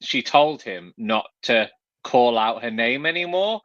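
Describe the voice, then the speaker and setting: Male podcast co-host with a bright, forward voice; teasing joke-teller, dry close-miked sound. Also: medium pitch, animated, a little slow, dry recording, dull audio. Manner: teasing, retells jokes, playful. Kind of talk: casual chat.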